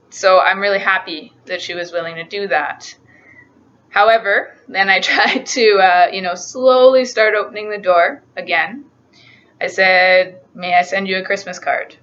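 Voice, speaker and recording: A woman's voice: medium pitch, sharp tone. A young woman telling a personal story to camera in an earnest, emotional, searching way, on a dull lo-fi recording. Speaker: vlogger. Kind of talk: personal confessional vlog.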